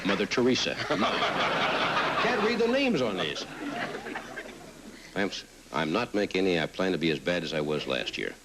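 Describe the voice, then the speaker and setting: A man's voice: sits low, sing-song, normal speed, long pauses, over a noisy crowd, heavy background noise. A middle-aged man hosting a late-night talk show, reading audience cards aloud and teasing them with wry quips. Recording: old TV broadcast with loud audience. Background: studio audience laughing.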